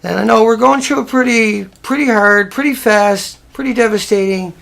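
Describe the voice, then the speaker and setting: A man's voice: high voice, moderate pace, gravelly, a bit bright. A man talking casually over a slideshow of photos, rambling in a plain-spoken way and often restarting his sentences. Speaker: presenter walking viewers through photos.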